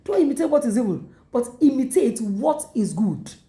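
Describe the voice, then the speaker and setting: A woman's voice: on the high side, big pitch swings, moderate pace, dark tone, echoey room. A woman pastor with a Nigerian English accent preaching a sermon, urging her listeners again and again and acting out quoted lines. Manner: repetitive exhortation with acted quotes.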